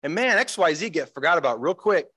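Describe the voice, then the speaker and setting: A pastor, a man, preaching a sermon in an animated way, acting out the voices he quotes. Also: on the high side, quick pace, no echo, low-quality recording. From United States.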